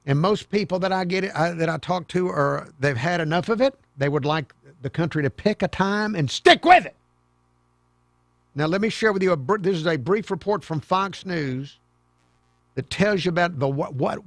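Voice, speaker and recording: A male talk radio host speaks in a rambling, repetitive folksy monologue. His voice sits a little high and has a gravelly fry, heard close and dry. Soft music plays underneath. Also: dry recording. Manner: chatty, rambling, repeats himself.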